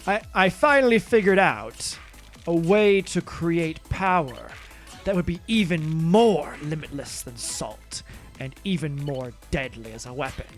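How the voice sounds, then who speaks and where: A man voicing a calm ex-Soviet male scientist, speaking low, soft and slow in a deadpan way. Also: soft background music.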